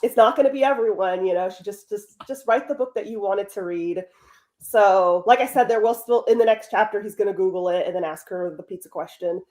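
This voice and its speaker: Woman, casual chat about writing, hesitant, halting phrasing, mid pitch. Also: a little mellow. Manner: hesitant, halting, many restarts. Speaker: writer sharing her work.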